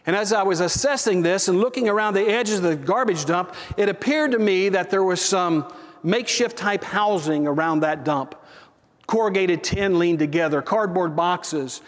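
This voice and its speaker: A man's voice: sits high, moderate pace, big-room sound. A man preaching a sermon, telling a mission story earnestly and asking the congregation for agreement. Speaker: pastor.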